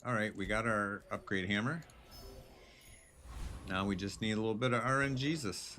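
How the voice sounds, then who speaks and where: Low-voiced, laid-back game streamer man. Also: moderate pace, pauses often, slight background noise. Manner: laid-back, thinks out loud, jokey. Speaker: streamer playing a video game. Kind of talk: casual live gameplay commentary.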